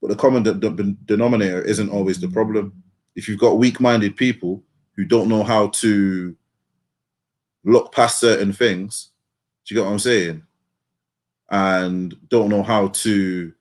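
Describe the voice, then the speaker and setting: A man's voice: lowish voice, darkish tone. A man co-hosting a football podcast. He talks in casual slang, rambles and keeps asking "you get what I'm saying?". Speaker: podcast co-host.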